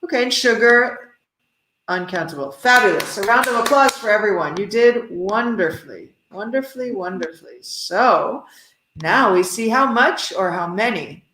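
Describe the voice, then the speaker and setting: An American woman leads an English lesson in a roomy, echoing space. Her pitch sits in the middle of the range, and she talks in a playful way, heaping praise on the class. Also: lively intonation, moderate pace, sharp tone, a little hiss or hum. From United States. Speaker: English teacher. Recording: roomy echo.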